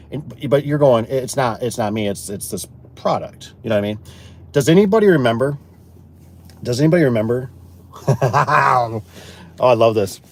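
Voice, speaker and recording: A garage door installer and business owner chatting to viewers, rambling through folksy work stories and acting out both sides of conversations. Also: male voice, medium pitch, a little mellow. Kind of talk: casual storytelling to viewers.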